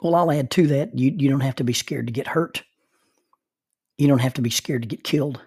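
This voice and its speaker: Husky middle-aged man telling a story. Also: mid-range voice, a little mellow, dry recording, studio quality. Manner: halting, repeats words when starting. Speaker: minister. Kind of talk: personal storytelling talk.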